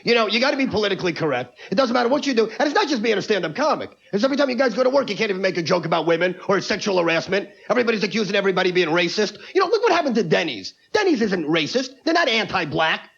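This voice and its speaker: A man's voice: high voice, big pitch swings, creaky, a bit bright. A man doing a brash, ranting stand-up comedy set on stage before a live audience. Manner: brash, rapid-fire, ranting. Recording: lo-fi TV broadcast with audience.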